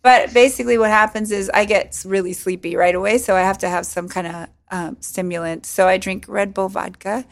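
A woman's voice: mid-range voice, steady tone, vocal fry. Woman host, playful chatty podcast talk, teasing guests. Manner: chatty, playful, quick to tease. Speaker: dermatologist hosting a podcast. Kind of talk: casual chat.

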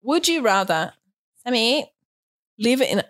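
A woman's voice: fairly high pitch, very animated, slow pace, a bit bright. A woman co-hosting a podcast, chatty and giggly, with playful sarcasm. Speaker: podcast co-host. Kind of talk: casual podcast banter.

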